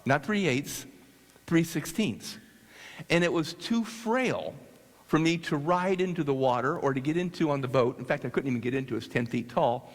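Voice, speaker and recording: A man from the United States telling a story to an audience, animated and halting with restarts. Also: fairly high pitch. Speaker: speaker. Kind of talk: storytelling talk. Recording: long hall reverb.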